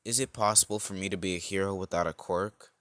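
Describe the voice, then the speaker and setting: A man's voice: low-pitched, steady tone, quick pace, fairly bright tone, no room sound. A man voicing a nervous teenage boy with no powers, who talks in a hesitant, stammering way. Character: nervous quirkless teenage boy hero fan.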